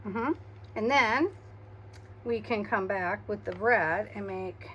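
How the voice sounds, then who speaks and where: A tired woman talks quietly and casually as she works on an art project, murmuring and humming along to herself. Her pitch sits in the middle range. A faint hiss of noise runs under the recording. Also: takes it slowly, pauses often. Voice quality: hums and murmurs to herself while working. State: quiet, tired after migraine. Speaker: craft video host. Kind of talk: casual crafting chatter.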